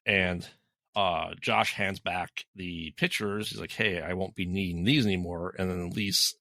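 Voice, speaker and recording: Low, bright-voiced man recapping a movie. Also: steady tone, unhurried, dry recording. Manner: rambling plot retelling with many ums. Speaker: podcast co-host. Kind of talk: casual movie recap chat.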